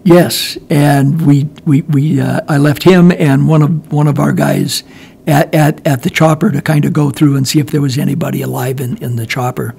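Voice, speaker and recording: A man's voice: fairly high pitch, steady tone, moderate pace, gravelly, a little mellow, husky. An older man, a guest, telling a long war story in casual chat, rambling with many restarts and chuckling as he goes. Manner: rambling, restarts often, laughs while telling.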